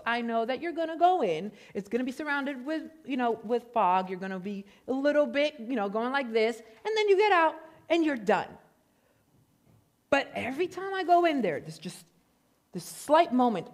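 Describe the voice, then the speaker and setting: A man from Puerto Rico preaching a sermon, excitable and prone to getting loud, telling stories with self-deprecating humor. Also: very high voice. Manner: excitable, gets loud when animated. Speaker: pastor.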